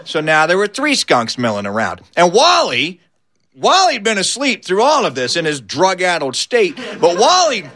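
A man telling a comic story, animated and building to his punchlines. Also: sits high, moderate pace.

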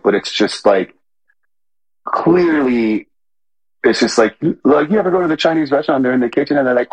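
A comedian guest talking casually in a rambling, filler-heavy way, often correcting himself. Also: male voice, lowish voice, breathy edge, lo-fi sound. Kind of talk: casual interview chat.

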